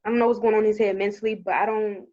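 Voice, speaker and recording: A woman co-hosting a casual group chat who talks bluntly and jumps in with quick remarks. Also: mid-range voice, steady tone, darkish tone. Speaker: podcast co-host. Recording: slightly dull lo-fi sound.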